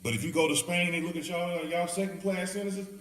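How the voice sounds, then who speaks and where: This Southern man's voice sits high and moves quickly, with a little hiss or hum on the recording. Leading a Bible study in a church hall, he jokes, laughs and animatedly acts out the people he quotes, sounding distant in the echoey room.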